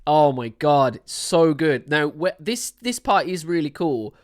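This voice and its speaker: A man's voice: on the high side, lively intonation, unhurried. Enthusiastic rambling male music reactor. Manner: enthusiastic, rambling, many restarts and "man". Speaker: music reaction host, singer-songwriter. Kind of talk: casual music reaction commentary. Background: song playing faintly.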